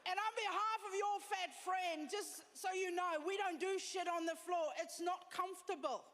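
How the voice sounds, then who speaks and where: A woman's voice: very high voice, normal speed, a bit bright. A woman from South Africa with a South African accent, doing a blunt, self-deprecating stand-up set on a comedy stage. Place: comedy stage before an audience. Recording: live venue with long reverb and faint room noise.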